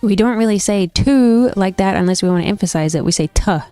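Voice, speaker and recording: Chatty young woman streamer, mellow voice. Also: mid-range voice, fast talker, clean tone, no room sound. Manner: chatty, opinionated, thinks aloud with many restarts. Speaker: gaming streamer. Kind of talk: casual chat reacting to stream chat. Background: faint stream background music.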